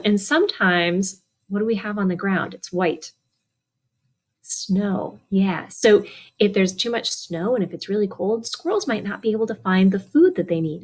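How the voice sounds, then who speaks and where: A woman's voice: mid-range voice, husky. A woman librarian reads a picture book aloud at children's storytime, asking young listeners questions and answering for them.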